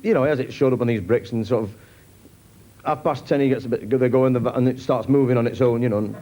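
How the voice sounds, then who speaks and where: A man's voice: mid-range voice, fairly even intonation, fast, warm tone. A man doing a stand-up routine, rambling wryly through an anecdote. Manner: rambling, anecdotal, wry storyteller. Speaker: stand-up comedian. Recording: hissy old TV recording.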